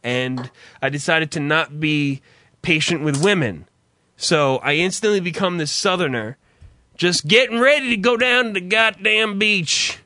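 A man's voice: sits high, measured pace, pushed and bright, no room sound. A young man hosting a podcast in casual chat, swearing and laughing often. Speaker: podcast host.

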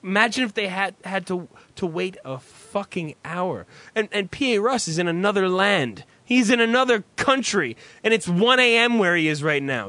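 A man's voice: high-pitched, sing-song, normal speed, bright, forceful tone. A man hosting a podcast, sarcastic and profane, teasing his co-host and laughing a lot. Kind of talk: casual chat.

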